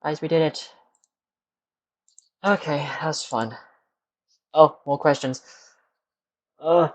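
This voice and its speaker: Young male streamer, tired and unhurried, mutters to himself at his desk mic. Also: on the high side. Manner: rambling, muttering to himself, answering chat questions. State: tired, yawning. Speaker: live streamer. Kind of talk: casual live-stream chat while working.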